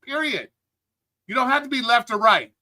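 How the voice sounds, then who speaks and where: Angry streamer host, high tense voice, heated profane rant, calls out his chat. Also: fast talker, sharp tone. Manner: angry, heated, swearing constantly; greets live chat viewers between rants. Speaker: livestream host.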